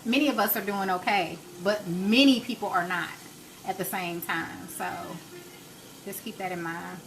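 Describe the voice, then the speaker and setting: A woman's voice: medium pitch, moderate pace, noisy background. A woman, hosting a live home cooking stream, chatting with viewers and urging them to pray. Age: 30s. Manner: chatty, preachy, encouraging faith talk. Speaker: cooking show host. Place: home kitchen.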